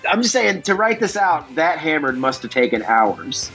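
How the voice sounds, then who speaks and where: A man co-hosting a comedy podcast, his voice a touch high. He riffs loosely, stumbles through jokes and mock-quotes commenters in put-on voices. Faint music sits under him. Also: sing-song, moderate pace, fairly bright tone. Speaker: podcast co-host. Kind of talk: casual comedic chat.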